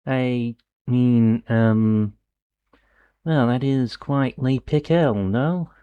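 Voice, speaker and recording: A man's voice: mid-range voice, extremely slow, clear, resonant tone, phone-quality sound. A young man hosting a solo tabletop game, casually explaining the rules in voice-over. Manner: relaxed, chatty, explains rules plainly. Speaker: game master and channel host.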